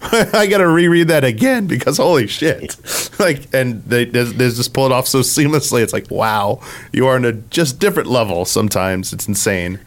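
A man co-hosting a casual podcast, speaking haltingly and laughing between phrases. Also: medium pitch, animated. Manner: halting, laughs mid-sentence, casual swearing. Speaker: podcast co-host.

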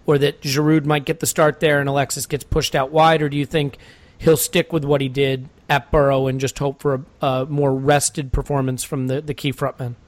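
A man's voice: medium pitch, level tone, moderate pace, dry recording. A man hosting a casual football podcast, chatty and joking as he moderates the discussion. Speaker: podcast host. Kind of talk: casual chat.

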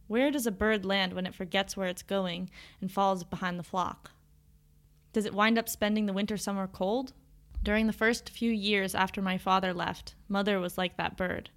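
A woman reading a first-person story aloud in a measured, reflective audiobook narration. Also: medium pitch, a bit bright.

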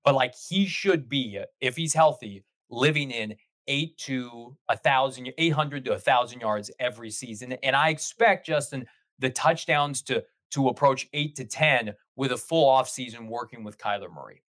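A man in casual sports podcast chat, talking in long animated run-on stretches as a guest host. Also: medium pitch, moderate pace, dry recording.

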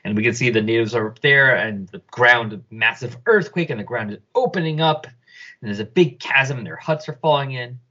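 Husky guy narrating a comic for his podcast, lively, kinda muffled audio. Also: mid-range voice, normal speed. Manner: animated, joking, describes panels. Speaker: podcast co-host reading a comic. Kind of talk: casual read-along chat. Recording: dull lo-fi recording.

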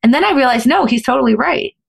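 A middle-aged woman, a podcast guest, telling a story in an animated, fast-flowing way with frequent restarts. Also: high voice, gravelly, breathy edge. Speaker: guest, former professional poker player.

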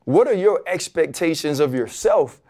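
A man with a fairly high voice co-hosts a casual podcast. He sets up his question in a relaxed, chatty way. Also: normal speed. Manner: conversational questioner. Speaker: podcast co-host.

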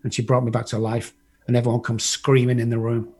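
A man's voice: medium pitch, completely flat delivery, fast talker, warm tone, a little hiss or hum. An English man telling his life story in a blunt, casual way, swearing freely and acting out what other people said. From England.

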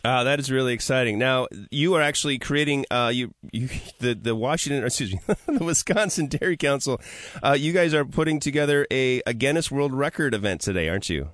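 A man's voice: mid-range voice, lively intonation, fairly quick, a bit bright, dry recording. Male radio host, upbeat, chatty, dry studio sound. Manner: upbeat, chatty, laughs easily. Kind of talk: casual radio talk show.

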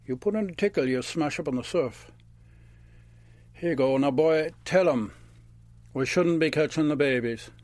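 A man voicing a gruff older male fisherman, blunt and earnest, who keeps calling the listener "boy". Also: on the high side, moderate pace, pauses often, a little mellow, dry recording, natural voice. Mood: insistent. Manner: blunt, calls people "boy".

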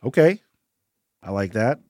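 A man running a tabletop game as game master, narrating the battle in a measured, descriptive way. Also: lowish voice, expressive, a little mellow, dry recording, clean studio sound.

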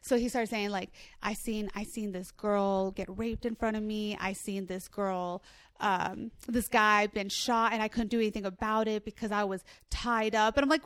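A woman's voice: mid-range voice, fairly even intonation, moderate pace, a bit bright, smooth, no echo, clean studio sound. A woman comedian telling a long story in casual chat, swearing freely and acting out her own phone calls. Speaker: guest comedian.

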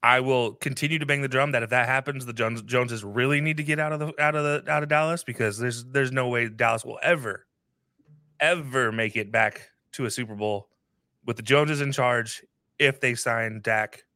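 A man's voice: mid-range voice, moderate pace, sharp tone, no room sound, clean studio sound. A man co-hosting a sports podcast, giving emphatic and opinionated takes in casual talk.

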